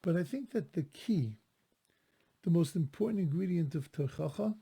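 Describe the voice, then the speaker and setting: A man's voice: a little high, lively intonation, normal speed, vocal fry, mellow, husky. A rabbi giving a casual, conversational talk on the weekly Torah portion, quoting Hebrew verses and translating them as he goes. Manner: conversational, restarts phrases, Hebrew quotes translated.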